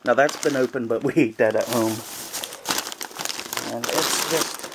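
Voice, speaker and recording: A man's voice: medium pitch, measured pace, very noisy. Rambling man chatting to camera. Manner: rambling, chatty, many fillers. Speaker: vlogger on a cabin trip. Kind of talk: casual chat to camera. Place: small cabin in the woods.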